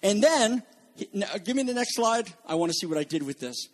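A man's voice: sits high, big pitch swings, fairly quick. A man preaching a sermon as pastor, emphatic and building to fervent peaks, calling his listeners folks. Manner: addresses congregation as folks.

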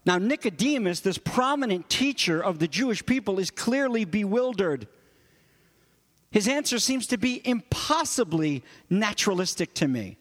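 A man's voice: high-pitched, very animated, moderate pace, a bit bright. A man preaching a sermon as pastor, earnest and emphatic, explaining a passage with repeated stress. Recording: long hall reverb.

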